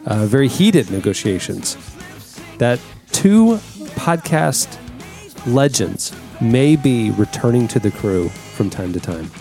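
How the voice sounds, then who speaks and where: A man hosting a podcast, chatting casually with his crew, upbeat and quick to laugh. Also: lowish voice, expressive, mellow, faint music behind. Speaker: podcast host. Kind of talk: casual chat.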